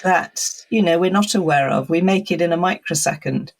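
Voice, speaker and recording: A woman's voice: lowish voice, fairly quick. A woman being interviewed as an expert guest on a podcast, explaining things in a thoughtful, conversational way with frequent laughs.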